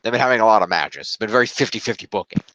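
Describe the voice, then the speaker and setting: Dude rambling through fantasy scores on a podcast, swoopy voice, dull dry lo-fi mic. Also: male voice, lowish voice, expressive, very fast, fairly bright tone, no echo. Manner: rambling, counts points aloud, trails off while looking things up. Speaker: podcast co-host scoring a fantasy league. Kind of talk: casual chat.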